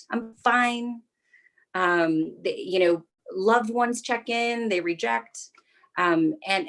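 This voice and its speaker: Brief: woman therapist, lowish voice, gentle and reassuring, steady talk. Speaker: psychotherapist speaker. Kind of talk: talk to an alumni audience.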